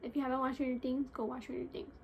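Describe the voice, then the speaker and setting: A young woman with a notably high voice gushes in casual chat as she does a friend's makeup. She opens line after line with "honestly", over a faint bed of room noise. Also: flat delivery, very fast. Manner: keeps starting sentences with "honestly", gushing. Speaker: vlogger doing a friend's makeup.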